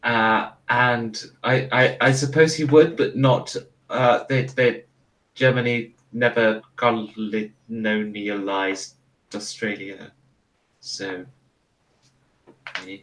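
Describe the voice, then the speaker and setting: A man's voice: mid-range voice, fairly even intonation, slow, fairly bright tone. Male game master on a live tabletop stream; rambling, profane, full of stops and restarts. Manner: rambling, swears, hesitant restarts.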